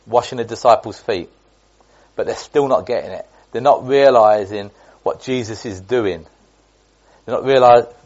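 A man's voice: medium pitch, a little mellow, highs cut off. A man giving an informal Bible teaching in a chatty way, restating points and restarting often. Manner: chatty, repetitive, with many restarts and asides.

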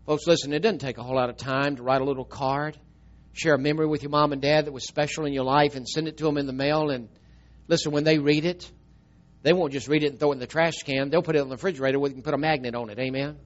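A middle-aged man, preaching a storytelling sermon and swinging from emphatic, loud telling to a soft, tearful hush. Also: a little high, fairly even intonation, fast, muffled recording.

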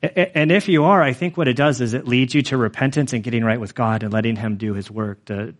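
A man's voice: medium pitch, fast talker. A man in his forties, a pastor telling his own story in a sermon, earnest and rambling, with many fillers. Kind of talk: sermon testimony.

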